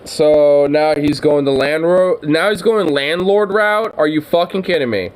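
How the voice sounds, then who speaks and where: A man's voice: on the high side, measured pace, clean tone, low-quality recording. A man reacting to a video in casual, profane commentary, ranting in exasperation. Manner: exasperated, ranting, swears a lot.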